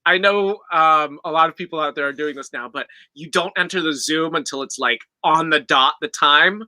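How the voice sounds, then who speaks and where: High, very bright-voiced chatty man. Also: moderate pace, no room sound. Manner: chatty, laughing, many "like" fillers. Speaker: podcast co-host. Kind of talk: casual chat.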